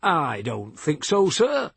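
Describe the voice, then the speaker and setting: A man voicing a young male American soldier who speaks in a slow, lazy Southern drawl, polite and unhurried. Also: a little high, huge pitch swings, creaky, fairly bright tone, husky, no echo, voice pushed up, full character voice. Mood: polite, calm.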